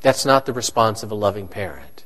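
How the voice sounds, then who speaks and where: A man's voice: fairly low pitch, expressive, fairly quick, a bit bright. A man, a pastor, preaching a conversational sermon and asking his congregation questions.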